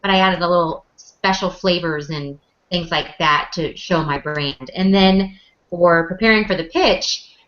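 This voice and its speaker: A woman's voice: on the low side, unhurried, fairly bright tone. A woman entrepreneur answering on a panel, confident and reflective. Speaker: entrepreneur, competition winner. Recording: muffled lo-fi recording.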